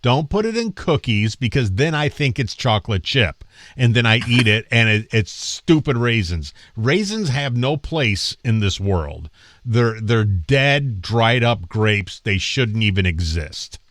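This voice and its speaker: A man's voice: medium pitch, very animated, measured pace, fairly bright tone, no room sound. A man co-hosting a radio show, chiming in with dry, teasing, opinionated asides. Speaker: radio co-host. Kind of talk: casual radio chat.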